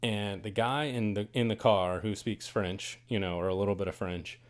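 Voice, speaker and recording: A man hosting a podcast, telling a story in a casual, animated and dramatic way. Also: fairly low pitch, normal speed. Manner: animated, dramatic, swings to loud bursts on quoted lines. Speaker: podcast host. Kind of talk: casual first-person storytelling.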